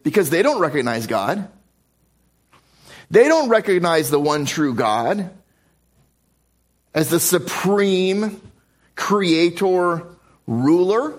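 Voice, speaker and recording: A man preaching a sermon, reading scripture slowly and explaining it verse by verse. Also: high voice, big pitch swings. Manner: reads scripture slowly in King James wording.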